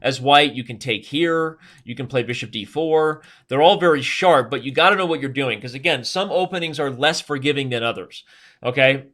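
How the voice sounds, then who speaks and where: A man hosting a live chess stream, talking quickly and cracking jokes as he explains openings. His voice is bright and forceful, sitting at an ordinary middle pitch. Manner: fast-talking, joking, chatty.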